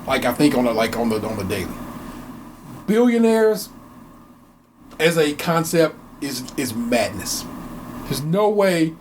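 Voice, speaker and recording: Man, podcast co-host, lively swooping delivery, somewhat high voice, faint hiss, profane ranting. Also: measured pace, long pauses. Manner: animated, profane ranting with many restarts. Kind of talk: casual chat. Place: home basement studio.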